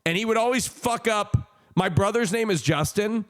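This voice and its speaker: A man's voice: high voice, moderate pace, fairly bright tone. A man in his thirties telling a personal story on a stream. He rambles with many fillers, laughs and swears. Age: 30s.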